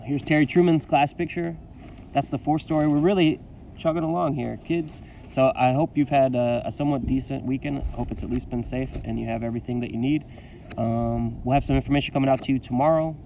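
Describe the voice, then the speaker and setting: A male teacher reading a story aloud to his class in an expressive, dramatic first-person manner. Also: medium pitch, brisk, vocal fry, recorded from a distance, a little hiss or hum, rough recording.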